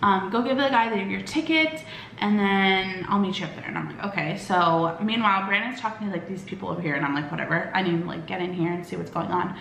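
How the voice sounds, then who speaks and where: A woman's voice: medium pitch, creaky, a bit bright, reverberant, slight background noise. A young woman vlogger telling a personal story in casual chat, rambling with lots of fillers and acting out quoted lines. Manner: acts out quoted lines with quick voice shifts.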